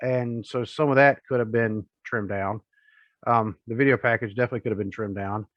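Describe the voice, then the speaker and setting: A man's voice: medium pitch, steady tone, a little fast, no room sound. Chatty man, lo-fi dry audio. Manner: rambling, chatty, jokey. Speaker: podcast co-host. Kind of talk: casual chat. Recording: dull lo-fi podcast audio, dry.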